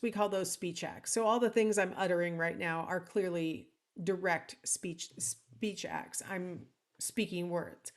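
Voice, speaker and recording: A woman instructor giving a casual, conversational recorded lecture, with frequent ums and asides to the listener. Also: mid-range voice. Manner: acts out example lines in different intonations. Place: alone at home or office, speaking to a recording.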